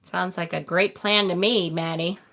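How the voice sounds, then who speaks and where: A woman's voice: on the low side, steady tone, normal speed, pushed and bright. A woman from Rochester, New York, giving casual live tarot readings, chatty and affectionate as she answers viewers' comments. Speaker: tarot reader and channel host.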